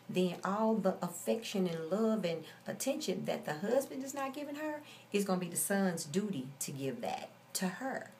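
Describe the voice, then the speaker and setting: A woman in her forties rants through a story in blunt, streetwise and profane terms. Her voice has a gravelly rasp, and her pitch leaps up and drops down in wide swings as she talks. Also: darkish tone, a little hiss or hum. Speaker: vlogger. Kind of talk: casual storytelling rant.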